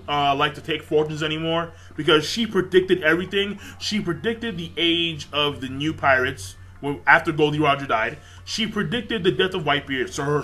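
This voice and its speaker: A man talks through an anime episode in a loose, rambling recap, swearing freely and piling on fillers. His voice sits a little high and has a bright, forceful edge. He sounds excitable and casual throughout.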